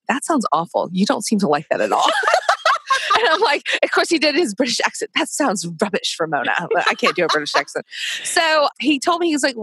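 A woman's voice: medium pitch, fairly bright tone, no echo. A woman guest in an interview, chatting casually and telling stories animatedly with frequent laughs, speaking from a clothes closet over a video call. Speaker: podcast guest, spa business founder.

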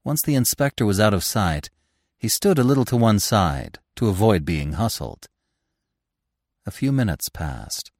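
Male narrator, classic-tale audiobook, highly animated delivery, dry close sound. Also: unhurried, no echo. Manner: expressive, theatrical. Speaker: audiobook narrator, podcast host. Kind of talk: dramatic audiobook reading.

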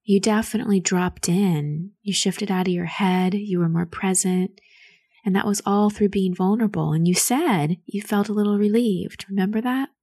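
A woman hosting a show and coaching a caller through grief in a soft, soothing, nurturing way. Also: mid-range voice, moderate pace, dry recording. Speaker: host giving advice to a caller. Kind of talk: gentle coaching on a call.

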